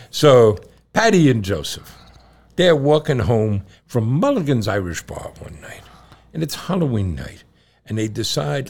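A middle-aged father co-hosting a casual show, an animated storyteller who laughs often. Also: medium pitch, measured pace, vocal fry. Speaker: podcast co-host and father. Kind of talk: casual chat and joke telling.

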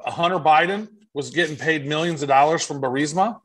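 A man's voice: fairly high pitch, brisk, fairly bright tone, low-quality recording. Man ranting on a podcast. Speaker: podcast co-host. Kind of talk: casual podcast chat.

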